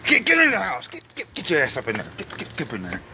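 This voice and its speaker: A man's voice: fairly high pitch, wildly swooping pitch, fast, heavy background noise. A man, scared and sweating, cursing and shrieking as he tries to free a trapped bird at his back door. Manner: panicky, cursing, shrieking in fright. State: sweating, frightened. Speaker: vlogger. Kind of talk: filmed personal vlog. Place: at home by a back door, outside.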